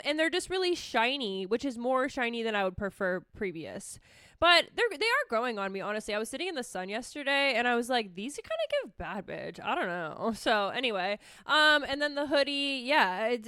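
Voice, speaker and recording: A woman's voice: fairly high pitch, lively intonation, fairly quick, sharp tone, clear, resonant tone, no echo, studio quality. A woman therapist hosting a casual solo podcast, talking candidly with lots of swearing and self-mockery. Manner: candid, chatty, swears freely, self-mocking.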